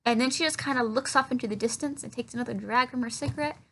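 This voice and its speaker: Sarcastic woman reviewer with a profane recap delivery and a bright, slightly high voice. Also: fast, a little hiss or hum. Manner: sarcastic, profane, mocking movie dialogue in silly voices. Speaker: film reviewer. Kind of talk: casual comedic film recap.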